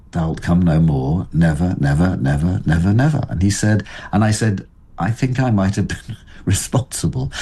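An older man speaking as an interview guest, thoughtful and halting, with frequent restarts. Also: low-pitched, dark tone, husky. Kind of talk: reflective interview talk.

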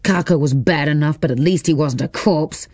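A man reading an audiobook, voicing a jealous, angry husband who talks slowly and cuttingly. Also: fairly high pitch, a little mellow, dry recording, studio quality, lightly acted. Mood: cold, scornful. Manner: slow, deliberate and cutting.

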